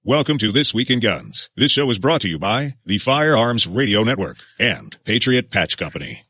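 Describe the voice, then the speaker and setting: Deep-voiced man reading a show disclaimer. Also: sing-song, moderate pace, sharp tone, no room sound. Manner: announcer read. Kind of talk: scripted show intro.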